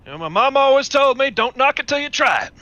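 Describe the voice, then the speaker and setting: A man's voice: extremely high pitch, expressive, fast talker, bright, forceful tone, dry recording, highs cut off, heavily acted. A man playing a flirtatious, swaggering smuggler in a tabletop game, talking in a folksy drawl. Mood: flirty.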